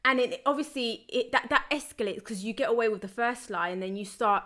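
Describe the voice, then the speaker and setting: Brief: bright-voiced woman, animated anecdotes, casual. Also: a little high, fairly quick. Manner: animated storyteller, acts out quoted dialogue. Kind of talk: casual chat.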